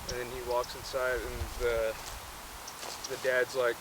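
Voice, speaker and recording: A man's voice: mid-range voice, completely flat delivery, measured pace, pauses often. A man casually retelling a film plot, rambling and constantly correcting himself. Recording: noisy outdoor background.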